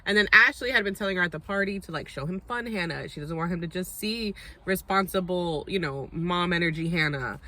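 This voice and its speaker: A woman's voice: fairly low pitch, a little fast, few pauses, sharp tone. A young adult woman recapping a reality dating show in a chatty, sassy, opinionated way. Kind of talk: casual recap and commentary.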